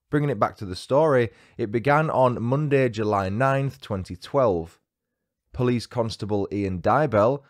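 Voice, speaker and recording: A man's voice: fairly low pitch, darkish tone. A man hosting a true crime podcast, reading a scripted story with dry, wry asides.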